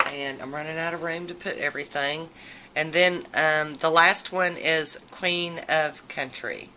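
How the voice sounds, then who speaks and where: Slow, low-voiced woman. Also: steady tone, bright, forceful tone, a little hiss or hum, low-quality recording. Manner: chatty and enthusiastic, drawn-out exclamations. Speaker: nail polish vlogger. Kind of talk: casual haul video chat.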